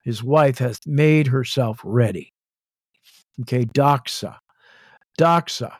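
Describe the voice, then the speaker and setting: A man leading a Bible study, slowly defining Hebrew and Greek words, repeating and spelling terms out as he goes. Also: medium pitch, no echo, studio quality. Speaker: Bible teacher.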